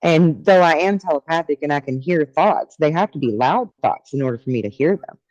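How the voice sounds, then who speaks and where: A woman's voice: deep voice, expressive, brisk, a little mellow, dry recording, lo-fi sound. A woman from Arkansas with a Southern US accent, co-hosting a casual talk show in an earnest, spiritual manner. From Arkansas, USA. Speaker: podcast co-host. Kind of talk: casual chat.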